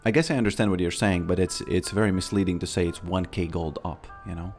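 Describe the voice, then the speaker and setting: Male streamer, very deep gravelly voice, rambling casual commentary while playing. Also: quick pace, faint music behind. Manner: rambling, stammers and repeats words. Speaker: game streamer.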